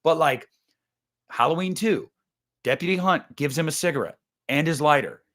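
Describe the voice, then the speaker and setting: A man hosting a casual movie discussion, animated and swearing freely, acting out scenes. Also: on the high side, moderate pace. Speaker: podcast host.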